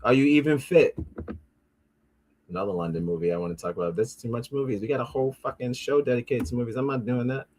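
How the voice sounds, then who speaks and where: A man's voice: medium pitch, racing, few pauses, a little mellow, slight background noise. Rambling, profane man hosting a show. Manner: rambling and profane, with frequent restarts and asides; easily frustrated, talks back at his devices. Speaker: podcast host. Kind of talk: casual pop-culture commentary.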